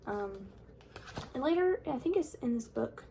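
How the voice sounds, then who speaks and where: In this casual book-review rant, a young vlogger sarcastically tears into books she dislikes, chatting with lots of fillers. She has a high, expressive voice with vocal fry and a dark tone, speaking a little slowly. Slight hiss or hum is audible.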